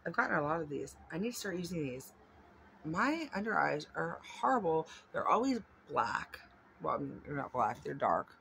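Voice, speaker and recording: A woman talks through an unboxing at home in a loose, rambling way, gushing and full of fillers. Her voice has a gravelly, creaky edge. There is a faint hiss of noise behind her. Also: deep voice, big pitch swings, moderate pace, fairly bright tone. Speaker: vlogger. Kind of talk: casual unboxing chat.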